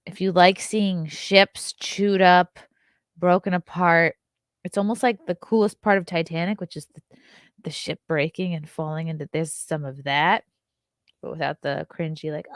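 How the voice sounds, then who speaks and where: A woman giving a casual, joking movie review, acting out the characters' lines in quick little voices. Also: lowish voice, no room sound, studio quality. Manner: animated, jokey, acts out voices of characters.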